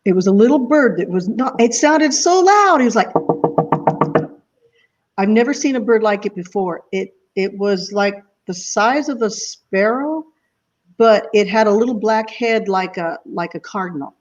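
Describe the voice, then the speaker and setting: A woman's voice: mid-range voice, animated, normal speed. Woman guest, muffled lo-fi audio. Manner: emotional storytelling, frequent laughs. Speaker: guest musician. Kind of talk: casual interview chat.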